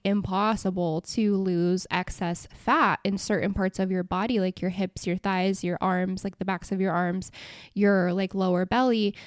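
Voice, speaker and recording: A woman's voice: mid-range voice, clear, resonant tone, no echo. Chatty young woman, dry close sound. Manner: enthusiastic and expressive, lots of "like" fillers. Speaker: podcast host. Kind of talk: casual solo podcast talk.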